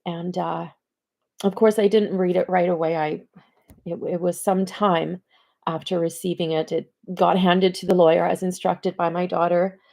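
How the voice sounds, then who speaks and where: A woman with a low, gravelly voice talks in a personal video diary. She speaks haltingly, with many fillers and pauses, and sounds close to tears. She is recording at home. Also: level tone, a little mellow. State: tearful, close to crying. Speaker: mother addressing her daughters.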